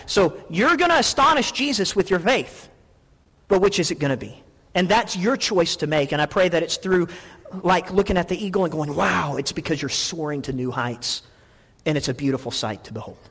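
High-voiced husky man preaching in a hall. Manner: storytelling, animated, repeats words when excited. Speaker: pastor. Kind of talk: sermon.

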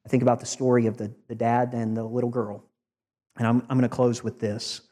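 A man's voice: mid-range voice, level tone, fairly quick, warm tone, big-room sound. A man preaching a heartfelt farewell sermon to his congregation, building to emphatic rising declarations. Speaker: departing preacher.

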